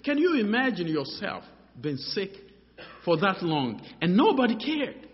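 A man preaches with a high, lively voice that swings up and down, stumbling over his words and repeating them as he builds his points. The sound is dull and muffled, carried through a long hall reverb. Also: measured pace. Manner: animated, repeats words, many fillers; acts out dialogues in his story. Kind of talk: sermon.

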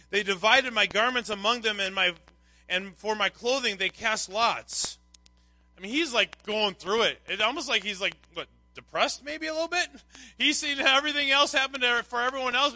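A man's voice: high-pitched, pushed and bright, no echo, rough recording. A man preaching a conversational sermon to a congregation, reading scripture aloud in between. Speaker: pastor.

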